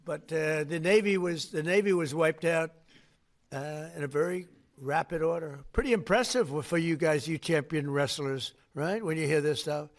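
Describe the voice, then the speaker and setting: A man's voice: fairly high pitch, moderate pace. An older American man giving off-the-cuff press remarks, boastful and rambling, repeating his phrases as he answers reporters. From United States. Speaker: head of state taking press questions.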